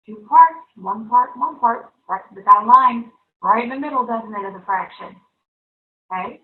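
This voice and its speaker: A woman's voice: on the high side, normal speed. Upbeat woman teacher in echoey classroom. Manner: upbeat, coaxing, frequent check-ins with the class. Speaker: third-grade teacher. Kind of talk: televised classroom math lesson. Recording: echoey room, far-off, thin phone-like sound.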